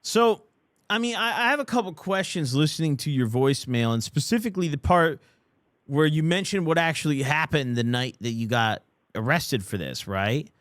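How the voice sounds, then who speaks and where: A man's voice: a little high, animated, moderate pace, fairly bright tone, no echo, clean studio sound. A male podcast host giving casual, sarcastic commentary with lots of wisecracks. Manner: sarcastic, wisecracking, says dude a lot.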